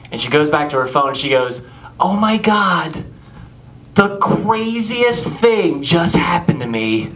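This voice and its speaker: A man's voice: a little high, fairly bright tone, a little hiss or hum, rough recording. A young man from Tennessee doing a laid-back, sarcastic stand-up set on a club stage. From Tennessee, USA. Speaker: stand-up comedian.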